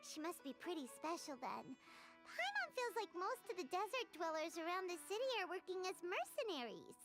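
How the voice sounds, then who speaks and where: A tiny, bubbly fairy sidekick from a video game with a very high, squeaky voice that leaps up and down. She chatters eagerly and talks about herself in the third person, over clear game music. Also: very animated, a little fast. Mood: chirpy. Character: tiny floating fairy companion, chatty and excitable.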